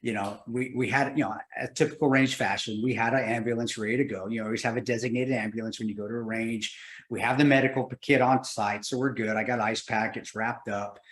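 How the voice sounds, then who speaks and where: A male guest telling a story in a casual interview, animated and laughing, slipping into other people's voices. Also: medium pitch, fairly quick, roomy sound.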